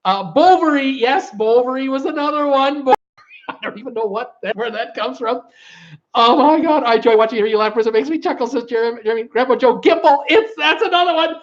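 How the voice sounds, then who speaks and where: A man hosting a live-stream trivia chat who keeps breaking into laughter while reading viewer comments, his voice gone hoarse from laughing. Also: extremely high pitch, fairly quick, lo-fi sound. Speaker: host of a live cruise news and trivia stream.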